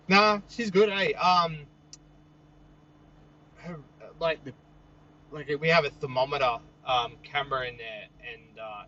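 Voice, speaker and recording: A young Australian host streams outdoors at night, casually reading viewer comments and joking easily, easygoing with frequent chuckles. His voice is mid-range and sharp-toned, the recording muffled with slight background noise.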